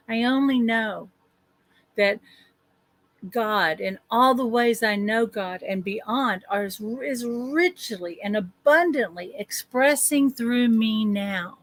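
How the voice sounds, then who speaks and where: Woman coach leading slow spoken affirmations. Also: a little high, fairly bright tone, no echo. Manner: slow, drawn-out spoken affirmations with repeated phrases. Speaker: life coach. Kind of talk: guided affirmation session on a group call.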